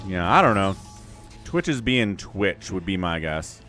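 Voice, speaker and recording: Lively, excitable male game caster. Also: deep voice, unhurried, faint music behind. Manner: excitable, chatty, laughs often. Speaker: esports caster and streamer. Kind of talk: live game commentary with chat interaction.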